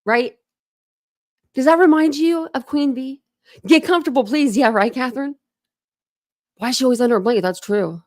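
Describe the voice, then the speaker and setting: A woman's voice: sits high, moderate pace, pauses often, no echo, clean studio sound. A woman hosting a true crime commentary stream, chatting in a rambling, teasing way. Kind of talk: casual reaction commentary.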